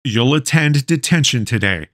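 A man's voice: mid-range voice, animated, normal speed, a bit bright, dry recording, clean studio sound, voice pushed up, natural voice. A man voicing a strict school principal in an audiobook, clipped and lecturing. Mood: stern. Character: stern male school principal, strict and weary. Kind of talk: audiobook character voice.

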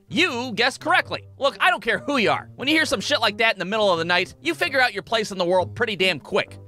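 A man telling a comedic animated story with a crude, swearing, exaggerated delivery. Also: high-pitched.

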